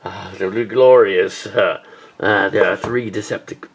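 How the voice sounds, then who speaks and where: Deep, gravelly man muttering deadpan. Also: measured pace. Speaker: fan-film voice actor. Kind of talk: improvised fan-film voice acting.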